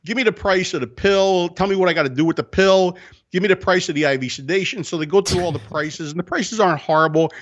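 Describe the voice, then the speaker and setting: A man telling a story in a casual podcast chat, animated and profane, acting out the people in it. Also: high-pitched, fast, highs cut off. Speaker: co-host.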